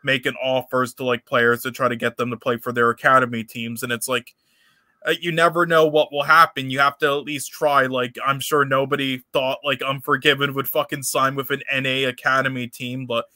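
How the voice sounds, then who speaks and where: A man's voice: mid-range voice, flat delivery, fairly quick, bright, forceful tone, no room sound, studio quality. A man co-hosting an esports podcast, rambling and cursing casually with lots of fillers. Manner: rambling, profane, many fillers. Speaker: podcast co-host.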